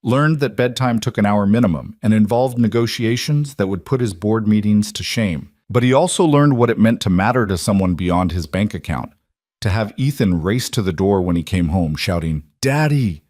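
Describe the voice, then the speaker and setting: Low-voiced male narrator, measured scripted reading, dry studio sound. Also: darkish tone, no echo.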